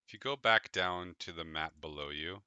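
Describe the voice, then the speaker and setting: A man's voice: sits low, normal speed, bright, forceful tone, clear, resonant tone, no echo, highs cut off. A man narrating as game master, with many hesitant fillers.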